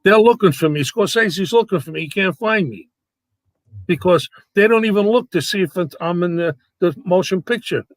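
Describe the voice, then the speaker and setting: A man's voice: high-pitched, moderate pace, no room sound, poor audio. A man, a guest entertainer telling brash, comic show-business stories with salty language over a video call. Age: 80s. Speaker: guest, actor and nightclub entertainer. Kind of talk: anecdotal storytelling.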